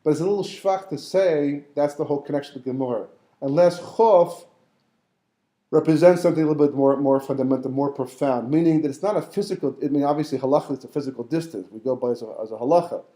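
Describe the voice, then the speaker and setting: A man's voice: on the high side, fast, dark tone, echoey room. A man teaching a Torah class as a rabbi, talking animatedly and acting out the voices of figures in the story. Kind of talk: lively Torah class lecture.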